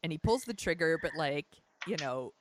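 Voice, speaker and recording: A woman's voice: deep voice, animated, normal speed, a little hiss or hum. A woman co-hosting a podcast in casual chat, exasperated as she talks through her notes. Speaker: podcast co-host.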